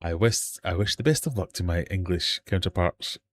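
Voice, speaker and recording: Male quiz host, slightly low voice, jokey and self-deprecating, live stream from home. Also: moderate pace, dry recording, clean studio sound. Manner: jokey, self-mocking quizmaster. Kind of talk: live quiz hosting chat. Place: home fish room.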